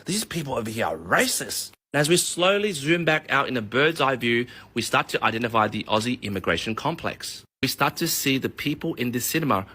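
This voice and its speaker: A man on a comedic, profane rant, telling a long analogy in an animated way. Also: medium pitch. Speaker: vlogger.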